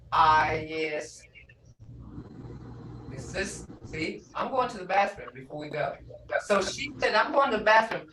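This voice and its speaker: An older woman teaching a language class, sounding out words slowly and syllable by syllable. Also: fairly low pitch, pushed and bright. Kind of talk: slow language lesson with repeated words. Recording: echoey room, a bit distant from the mic, faint background noise.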